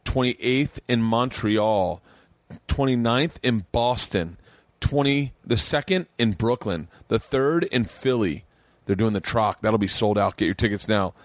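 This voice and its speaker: A man hosting his own comedy podcast, talking loosely and fast, swearing often and rambling with excitement. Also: fairly low pitch, no room sound. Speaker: podcast host and stand-up comic. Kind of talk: casual podcast chat. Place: home studio room.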